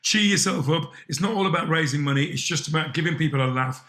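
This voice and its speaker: A man in his sixties, a chat show guest telling stories in an animated way. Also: fairly high pitch, racing. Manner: lively storyteller, mimics voices and laughs often.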